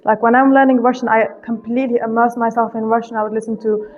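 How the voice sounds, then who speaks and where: A young woman with a British accent touched by American speaks quickly and frankly in a fairly high voice. She answers like a teacher, chatty and full of "like"s. The audio sounds dull and lo-fi. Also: level tone, soft background music. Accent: British, with some American. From England. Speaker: English teacher. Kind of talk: casual interview answers. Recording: muffled lo-fi audio.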